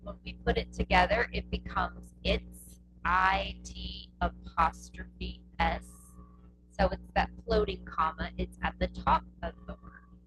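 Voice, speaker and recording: A rough recording captures a mid-range female voice over music, teaching a classroom lesson on punctuation for a test. Patient and slow, she repeats herself and keeps checking understanding with "okay?"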